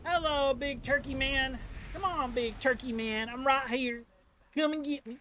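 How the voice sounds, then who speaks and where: A man putting on a strained, high, goofy voice to taunt a game boss with sing-song jeers. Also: unhurried, sharp tone, slight background noise, heavily acted.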